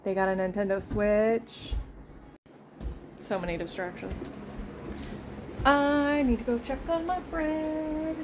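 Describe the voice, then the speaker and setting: A woman's voice: fairly high pitch, fairly even intonation, takes it slowly, long pauses, background noise. A woman chatting casually in a home vlog, rambling and easily sidetracked. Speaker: homesteading vlogger. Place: indoors at home.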